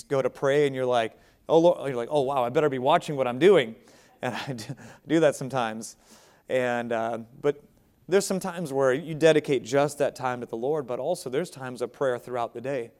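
An American man delivers a sermon in a relaxed, conversational way, turning to the congregation with everyday asides. His voice is smooth and resonant at an ordinary middle pitch. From United States. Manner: conversational preaching with asides and chuckles. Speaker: pastor.

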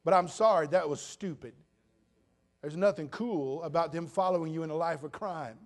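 A pastor in his sixties preaching a sermon, swinging between loud bursts and quiet, low asides. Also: moderate pace. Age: 60s.

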